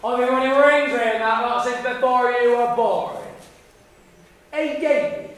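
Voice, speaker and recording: A young man playing a swaggering older Wiltshire rogue in a student stage play, gruff and blunt. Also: very high voice, fairly even intonation, unhurried, fairly bright tone. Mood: defiant. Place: college theatre stage. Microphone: far camera. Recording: echoey hall from far off.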